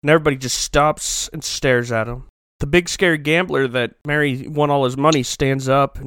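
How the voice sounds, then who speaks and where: A man's voice: mid-range voice, fairly even intonation, normal speed, a bit bright, smooth, dry recording. A man co-hosting a comedy recap podcast, joking around and acting out characters in silly voices. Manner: jokey, acts out characters in silly voices, laughs often. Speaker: podcast co-host.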